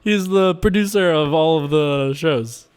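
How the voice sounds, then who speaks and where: A man's voice: on the high side, measured pace, darkish tone, clear, resonant tone. A man casually chatting and joking while he plays online poker, laughing often. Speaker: poker vlogger.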